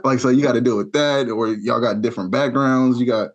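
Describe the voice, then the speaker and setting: Man, podcast co-host, casual chat, animated storytelling, slangy, mid-range voice. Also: medium pitch, fairly quick, muffled recording. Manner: animated storyteller, acts out quotes in shifting voices; loose, slangy, with frequent fillers.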